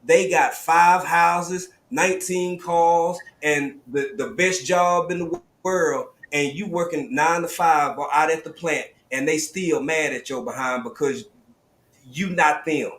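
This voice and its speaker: A man with a Southern US accent, hosting a live stream panel, telling stories in lively slang over a video call. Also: a little high, a little slow, reverberant. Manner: animated, storytelling, drawling slang. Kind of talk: casual panel talk.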